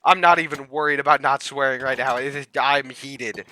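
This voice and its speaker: A man ranting to the camera, heated and sarcastic, swinging between yelling and muttering. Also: mid-range voice, steady tone, quick pace. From United States. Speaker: comedian vlogger. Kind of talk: comedic rant to camera.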